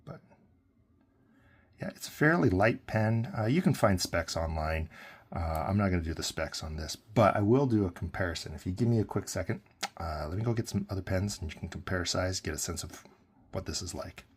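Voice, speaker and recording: A man's voice: low-pitched, animated, brisk, slightly rough. A man giving a casual, rambling pen review, full of fillers and self-corrections.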